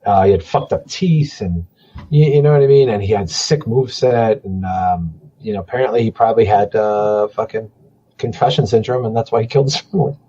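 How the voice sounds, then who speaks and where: Husky low-voiced guy rambling on a podcast, swears a lot, muffled lo-fi sound. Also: a little fast, mellow. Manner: rambling, profane, trailing into mumbles. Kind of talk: casual podcast chat.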